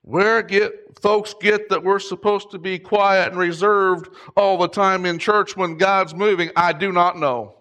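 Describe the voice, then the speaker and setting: A middle-aged man preaching a sermon, impassioned, rising to shouts at its peaks. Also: high voice, fairly even intonation, a little slow, hardly any pauses. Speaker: pastor.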